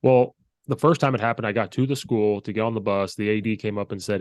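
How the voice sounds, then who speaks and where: Male host, slightly low voice, casual storyteller who acts out dialogue, dry close sound. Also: fast talker, dry recording. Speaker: podcast host and high school coach. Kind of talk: casual chat.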